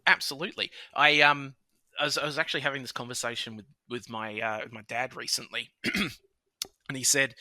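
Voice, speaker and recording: An Australian man in his thirties chatting casually on a podcast, animated and quick to laugh. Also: medium pitch, dry recording. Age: 30s. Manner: animated, laughs often, puts on voices for quoted people. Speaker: podcast host. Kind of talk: casual chat.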